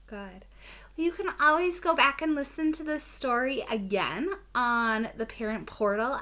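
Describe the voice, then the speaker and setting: A woman teacher wrapping up a read-aloud lesson, asking young children gentle questions and giving encouraging instructions. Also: a little high.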